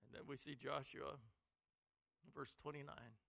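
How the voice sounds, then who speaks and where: A man preaching a sermon in a church on a headset mic, dramatic, swinging from quiet lows to shouted highs. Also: steady tone, measured pace, vocal fry, dry recording.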